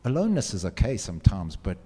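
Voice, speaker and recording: Brief: man, motivational speaker, earnest and direct, low and mellow, echoing hall. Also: wildly swooping pitch, fast, breathy edge. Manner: earnest, direct, asks the audience questions. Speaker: speaker addressing students. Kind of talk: motivational talk. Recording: long hall reverb.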